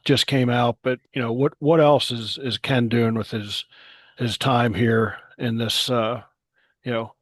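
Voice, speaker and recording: A man hosts a podcast interview, feeling his way through long questions with many fillers. His voice is mid-pitched. The sound is dry and close. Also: flat delivery, a little slow, no room sound. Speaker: podcast host.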